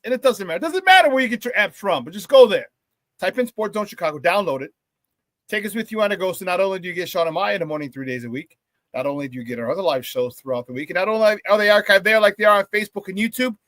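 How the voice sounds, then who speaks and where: Hyped-up high-voiced male show host. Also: animated, quick pace, a bit bright, dry recording. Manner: hype, playful, talks to the chat and laughs often. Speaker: sports talk show host. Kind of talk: upbeat morning show chat.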